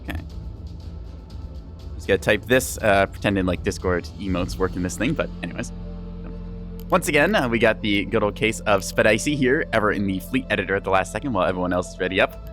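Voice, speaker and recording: A man's voice: lowish voice, brisk, fairly bright tone, soft background music. A young adult man giving casual live-stream commentary on a game, chatty and rambling, with frequent laughs and teasing asides.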